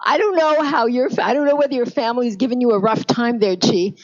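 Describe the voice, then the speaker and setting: A Canadian woman being interviewed as a pronunciation coach, talking in a measured, thoughtful way. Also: a little high, lo-fi sound. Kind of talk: casual interview talk.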